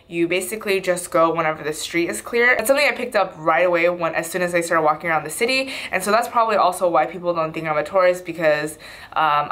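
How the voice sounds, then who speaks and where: A woman's voice: medium pitch, a bit bright. A young woman in her twenties chatting casually in a video diary, rambling a little with frequent "um"s. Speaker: vlogger.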